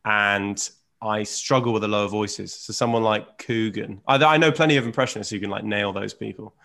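A man's voice: fairly low pitch, a little fast, gravelly, sharp tone. A young man co-hosting a casual chat, laughing often and trailing off with fillers. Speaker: podcast co-host and impressionist.

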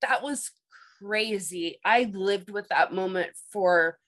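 Her voice is mid-range and fairly bright, and she talks slowly over a low-quality recording. As a guest in a casual chat, this woman shares a personal paranormal story, rambling and repeating herself with plenty of fillers.

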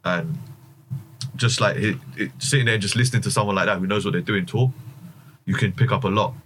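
A man's voice: fairly low pitch, fairly even intonation, fairly bright tone, slight background noise. A man, a wrestler, talking thoughtfully in casual chat. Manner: fast, thoughtful, many fillers.

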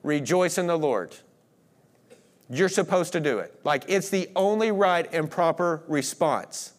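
A man preaching a sermon, earnest, swinging between emphatic declarations and hushed moments. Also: fairly high pitch, animated, measured pace. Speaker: pastor.

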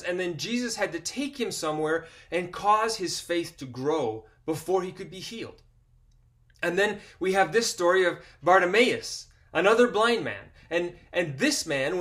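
A man's voice: high-pitched, a bit bright. A man preaching a sermon, reading Bible passages with expression and repeating key phrases earnestly.

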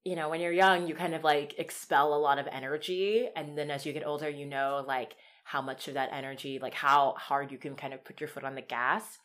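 A young woman co-hosting a casual film podcast, talking in an animated, emotional way and swearing freely. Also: deep voice, brisk, few pauses. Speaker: podcast co-host.

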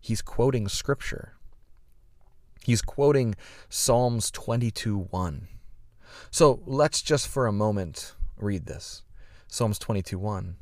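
A man's voice: lowish voice, slow, a little mellow, dry recording, clean studio sound. A man preaching a sermon, explaining scripture earnestly, with frequent fillers and restarts. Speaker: pastor.

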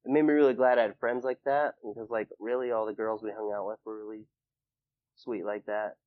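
A man's voice: lowish voice, little pitch movement, a little fast, phone-quality sound. A young man, a guest in an interview, telling a personal story casually, full of fillers and acting out what others said. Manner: rambling, filler-heavy, acts out quoted people in a raised voice.

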